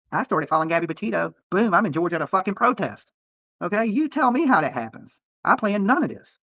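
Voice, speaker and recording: This man streaming from a roadside near a protest has a high, sing-song voice that comes out fast, pushed and bright. He rambles profanely and defensively at his viewers, often adding "okay?". The recording has no room sound and the highs are cut off.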